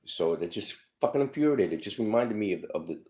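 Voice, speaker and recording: A man's voice: lowish voice, animated, a little fast, mellow. A man telling his life story casually, profane and rambling, full of fillers, acting out the people in his stories.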